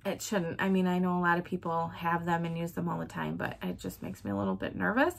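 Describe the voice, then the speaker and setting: A woman's voice: on the low side, steady tone, fast, gravelly. Chatty woman listing wax scents. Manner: chatty, laughs often, lists scent notes. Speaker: wax melt vlogger. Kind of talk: casual product chat.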